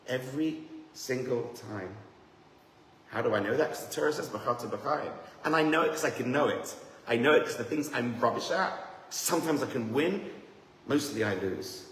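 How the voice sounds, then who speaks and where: A man giving a lively, joking seminar talk as a rabbi, teasing himself and the audience. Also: medium pitch, normal speed. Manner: animated, joking, self-deprecating. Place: room with a live audience. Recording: echoey hall, faint noise.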